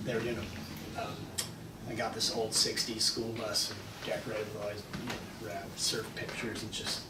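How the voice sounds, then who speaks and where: A man in his fifties with a Californian accent, telling rambling travel stories in a casual interview, often laughing. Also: fairly low pitch. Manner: laid-back, rambling, laughs often, acts out voices in anecdotes. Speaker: interview guest, former pro surfer. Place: large echoey room at a live event. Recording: distant mic, roomy echo, noisy ambience.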